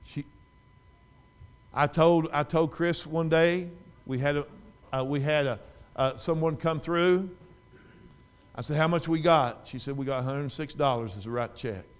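A middle-aged man preaching a sermon in a church, folksy, swinging from loud fervent exhortation to quiet storytelling. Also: fairly high pitch, a little slow, clean tone. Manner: folksy, repeats and restarts phrases.

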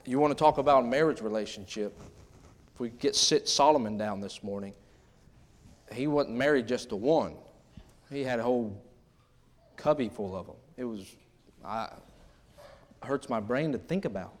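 A man's voice: medium pitch, moderate pace, long pauses. A middle-aged man preaching a sermon in a humorous, conversational way, acting out little scenes from married life. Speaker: pastor.

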